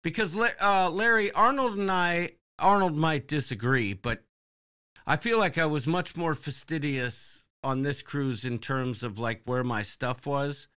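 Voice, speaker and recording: A man's voice: fairly high pitch, measured pace, clean tone. A man co-hosting a live show, rambling through a story and acting out what people said. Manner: rambling, animated storyteller who acts out quotes. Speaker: podcast co-host. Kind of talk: casual live-stream storytelling.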